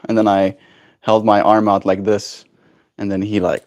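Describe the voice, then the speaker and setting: A young man streaming casually from home, chatting and slipping into high sing-song baby talk with his pet bird. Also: monotone, a little slow, darkish tone. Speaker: daily livestreamer. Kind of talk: casual chat. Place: home, indoors.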